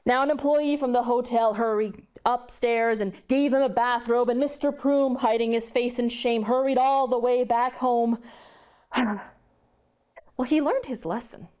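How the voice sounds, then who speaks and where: A woman telling a story live to children in an animated, dramatic way. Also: fairly high pitch, measured pace, clean tone.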